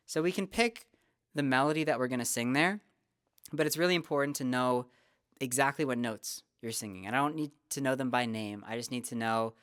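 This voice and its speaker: A young adult vocal teacher, calmly explaining singing technique step by step in a casual lesson. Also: medium pitch, a little fast, clear, resonant tone, no echo, clean studio sound. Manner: relaxed, explanatory, talks through technique step by step.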